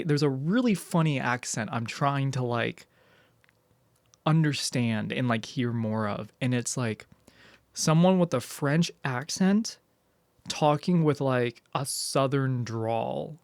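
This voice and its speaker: A man's voice: mid-range voice, slow, no room sound. Rambling casual streamer man. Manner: rambling, many "like" fillers, reads chat aloud. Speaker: livestreamer.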